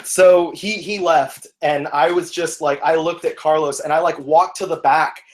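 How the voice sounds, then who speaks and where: A young man telling a story in casual chat, animated and laughing, acting out the people in it. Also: fairly high pitch, moderate pace. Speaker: podcast guest telling a story.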